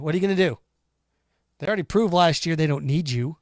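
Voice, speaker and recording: High-voiced, combative sports talk host. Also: male voice, fast talker, no echo, studio quality. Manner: combative, sarcastic, mocks imagined callers in put-on voices. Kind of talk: opinionated sports talk monologue.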